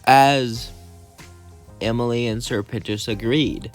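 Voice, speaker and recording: A man's voice: medium pitch, fairly even intonation, takes it slowly, faint music behind. A man casually narrating a fan story, rambling and chaining events with "as then", with light voices for the quotes. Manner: rambling, strings clauses with "as then", lightly voices each character.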